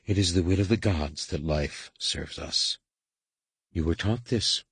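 Stern middle-aged alien priestess-scientist, read by a male narrator; low, husky, quietly authoritative. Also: measured pace, dry recording, exaggerated voice. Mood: stern, measured. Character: stern female master shaper, middle-aged, commanding.

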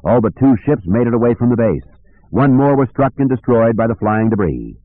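A man's voice: medium pitch, sing-song, a little fast, dry recording, pitched above the performer's own voice. A man voicing a cool, level-toned woman warrior reporting in. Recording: dry tinny phone-like audio.

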